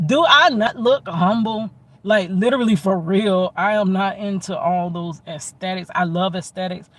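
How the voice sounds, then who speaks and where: A man telling a personal story in an animated way, acting out both sides of arguments and repeating himself for emphasis. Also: sits high. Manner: emphatic and repetitive. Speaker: storytelling vlogger. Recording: distant mic with faint background noise.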